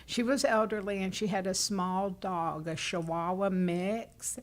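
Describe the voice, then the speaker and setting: A woman's voice: medium pitch, fairly even intonation, unhurried. A woman, a city hall administrative specialist, telling a work story patiently and with animation on a radio talk show. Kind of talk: casual interview.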